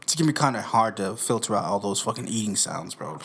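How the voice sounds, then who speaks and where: A young man hosting a casual podcast into a studio microphone, talking in a profane, slangy, animated way. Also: fairly low pitch, fast, gravelly, slightly rough. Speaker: podcast host.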